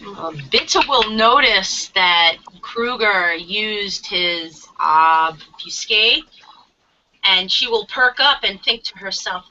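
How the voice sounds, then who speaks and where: Slow, bright-voiced female player. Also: mid-range voice, expressive, muffled recording, slight background noise. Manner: slow, describes her character in third person.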